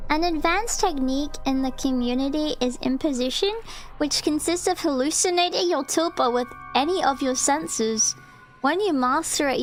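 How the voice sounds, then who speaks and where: This VTuber streamer, a woman, chats casually while reading some text aloud. She keeps stopping to giggle, drop in filler words, or let out squeaky bursts of disbelief.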